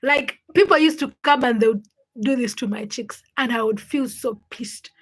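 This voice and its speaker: A woman's voice: on the high side, moderate pace, husky. A young woman hosting a livestream, chatting casually, laughing often and greeting viewers by name as she tells stories. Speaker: livestream host.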